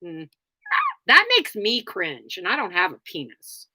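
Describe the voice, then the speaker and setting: Brief: woman livestream host, unhurried delivery, blunt and rambling, dry close sound. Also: on the low side, sing-song, pushed and bright, husky, dry recording. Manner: rambling, many fillers, blunt. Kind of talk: casual livestream chat answering viewers.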